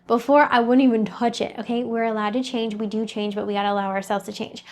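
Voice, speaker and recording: A woman with a somewhat high voice speaks as a mindset coach. Her talk is earnest and conversational. She addresses the listener directly, in a motivational tone. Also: little pitch movement, fast, a little mellow.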